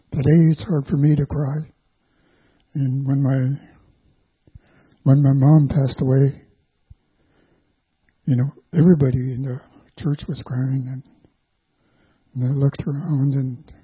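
An older man with a husky, breathy voice gives a halting personal testimony, stopping and restarting as he goes. The sound is tinny and narrow, like a phone line, and dry with no room around it. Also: mid-range voice, no echo. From Canada, Vancouver Island. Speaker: church guest giving testimony.

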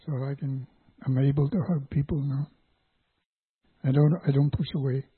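An older man from Vancouver Island, Canada, gives a halting personal testimony as a church guest, stopping and restarting as he goes. His husky, breathy voice is mid-range and level in tone. The sound is tinny and narrow like a phone line, dry with no room around it.

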